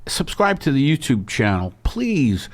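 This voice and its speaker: A man hosting a podcast, chatting casually in a rambling, halting way with lots of pauses. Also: mid-range voice, huge pitch swings. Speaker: podcast host. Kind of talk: casual chat.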